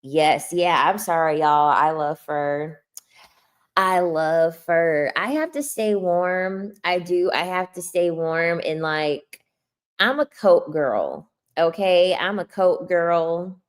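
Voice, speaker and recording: Speaking slowly in a lowish voice, this female livestreamer reads chat and responds to her viewers casually. Frequent laughter and slangy asides run through her talk.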